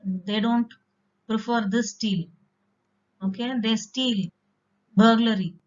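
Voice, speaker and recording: A woman's voice: on the high side, steady tone, slow pace, a little mellow. A woman teaching an English vocabulary lesson, explaining patiently with occasional fillers. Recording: dull lo-fi recording.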